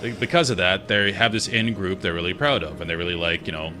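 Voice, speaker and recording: A man with a deep, low voice talks loosely and with strong opinions as he plays through a game. His chat rambles from one thought to the next. Game music sounds clearly behind him the whole time. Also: fast. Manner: rambling and opinionated, chatting while playing. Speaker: gaming streamer. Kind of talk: casual gaming chat.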